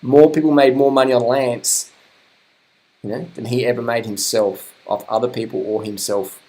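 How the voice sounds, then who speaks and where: A man's voice: mid-range voice, fairly even intonation, moderate pace, dark tone. Middle-aged aussie guy chatting over old race footage, sweary and blunt, laughs a lot. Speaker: cycling video host commentating old race footage.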